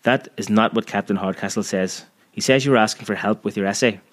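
A man's voice: on the low side, a little fast, natural voice. A man voicing a stern, menacing school headmaster who speaks in a scornful, barking way. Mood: accusing.

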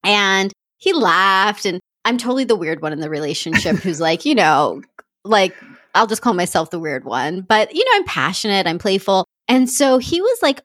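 Playful, expressive woman, dry close sound. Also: medium pitch, normal speed, no echo. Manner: playful and expressive, acts out dialogue. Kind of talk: candid casual chat.

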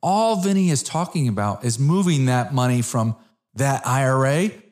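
A man's voice: mid-range voice, animated, moderate pace, darkish tone. A man hosting a casual interview, friendly, with enthusiastic reactions. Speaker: host.

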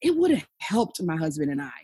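A woman in her forties, appearing as a podcast guest, tells her personal story frankly and emphatically, often adding "okay?" and "you know." Her voice sits low and is husky and warm, with a brisk, sing-song delivery. The recording is dry.

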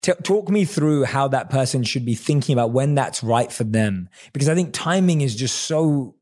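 A man's voice: mid-range voice, animated, normal speed, darkish tone. A man hosting a podcast interview, responding with eager praise and asking long, winding questions. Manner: enthusiastic, affirming, rambling questions. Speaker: podcast host.

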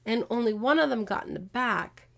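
A woman hosting a podcast, casually retelling a true-crime case with animated, exasperated asides. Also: a little high, moderate pace, vocal fry. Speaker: podcast host.

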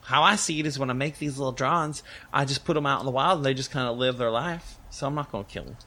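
A man voicing a shy young female student who giggles and apologizes softly. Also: medium pitch, fast, pitched above the performer's own voice. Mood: sheepish.

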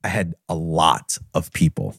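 A middle-aged man hosting a podcast, candidly retelling a personal story in an earnest, animated way. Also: extremely low pitch, unhurried, vocal fry, husky, no room sound, studio quality. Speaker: podcast host and business trainer.

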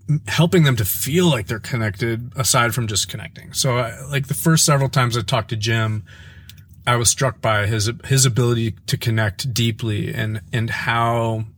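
Guy on a podcast telling stories, mid pitch, playful, trips over his words sometimes. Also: a little hiss or hum. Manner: animated, playful, jumps into high voices mimicking his kids; halting, with frequent restarts when reflective. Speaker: podcast guest. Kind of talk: casual conversational storytelling.

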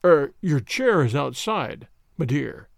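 A man's voice: sits high, sing-song, unhurried, gravelly, darkish tone, no echo, studio quality, full character voice. A man doing a sleepy, drawling nobleman. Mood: lazy drawl. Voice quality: exasperating drawl. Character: tall, sleepy, good-humoured English nobleman.

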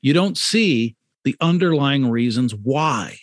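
A man talks through his ideas on brand and identity in a steady middle register. He leans on repetition and rhetorical questions to drive home each point. The sound is close and dry, with no room around it. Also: medium pitch, slow pace, no echo. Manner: emphatic, repeats key points, rhetorical questions. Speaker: author and brand consultant, guest. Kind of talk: conversational podcast interview.

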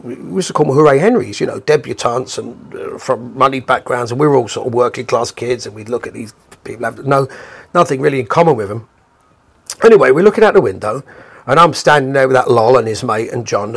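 A middle-aged man hosting a podcast, telling a story in an animated way and acting out the voices of the people in it. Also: medium pitch, husky. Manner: animated, acts out the quoted voices of people in his stories. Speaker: podcast host. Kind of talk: storytelling monologue.

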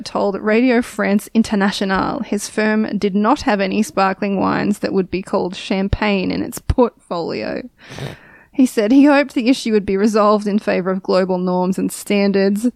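Woman, podcast host, amused news reading, mid pitch, dry recording. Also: gravelly, a little mellow, no echo. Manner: amused, breaks into frequent laughter. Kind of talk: casual chat, reading news aloud.

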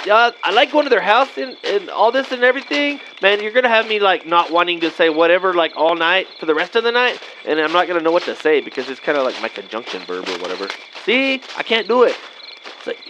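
A high-pitched man with a fairly bright tone plays a laid-back Mexican-American guy out trick-or-treating with his buddies. He rambles in a slangy drawl packed with "man" and "vato." The recording is lo-fi, with slight background noise.

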